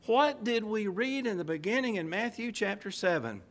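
Emphatic male preacher, slightly high voice. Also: very animated, normal speed. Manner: reads old-style scripture aloud and asks rhetorical questions; emphatic, stressing key phrases. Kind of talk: sermon with scripture reading.

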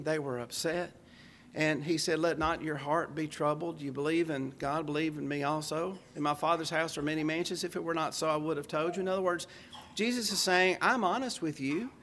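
Older man, preacher, earnest measured sermon, slightly high voice, light background hiss. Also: fairly bright tone.

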